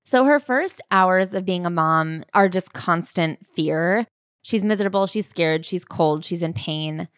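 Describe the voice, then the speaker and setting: A woman with a slightly low voice, talking frankly on a casual podcast. The sound is dry and close to the mic. She reads passages from a memoir in an even, measured way. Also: smooth, dry recording. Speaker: podcast co-host.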